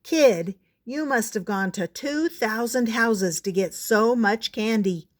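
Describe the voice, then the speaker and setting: A woman reading a storybook, voicing a gruff but helpful male police officer. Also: a little high, takes it slowly.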